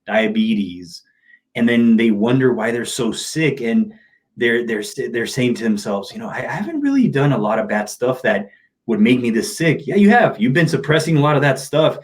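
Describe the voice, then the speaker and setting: A man's voice: medium pitch, animated, normal speed. Candid man telling emotional stories. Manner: open, emotional storytelling with casual slang. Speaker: motivational speaker. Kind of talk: candid interview talk.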